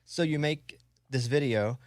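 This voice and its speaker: A man's voice: medium pitch, a little slow, a little mellow, no echo, studio quality. A man hosting a radio show, asking curious, short questions in a casual interview.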